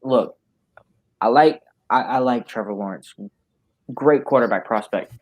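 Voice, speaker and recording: A man co-hosting a casual livestream chat, talking in a measured, analytical way. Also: medium pitch. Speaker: co-host.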